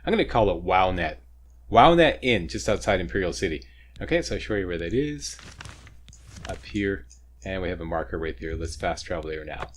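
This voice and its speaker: A man's voice: deep voice, animated, normal speed. A man hosting a video game walkthrough, chatty and joking as he explains each step. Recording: faint ambient noise, sirens nearby.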